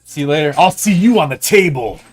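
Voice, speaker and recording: A man's voice: on the high side, lively intonation, fairly quick, husky. A man doing live play-by-play commentary on an air hockey match in a joking, playful manner.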